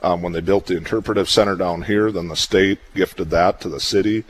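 A man's voice: sits low, steady tone, fairly quick. A man, a small-town mayor being interviewed on radio, talking in a laid-back, matter-of-fact way. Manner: laid-back, lists events plainly.

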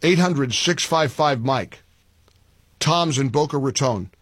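A man's voice: mid-range voice, takes it slowly, a bit bright, husky, no room sound. A man hosting a talk radio show, speaking emphatically with sarcastic asides and taking callers.

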